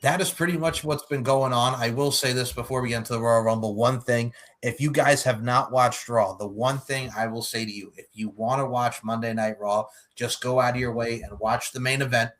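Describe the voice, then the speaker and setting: Casting: male podcast host, bright forceful voice, profane and jokey. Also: mid-range voice, fairly even intonation, brisk, hardly any pauses. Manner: profane, joking, breaks into mock voices. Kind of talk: casual podcast chat.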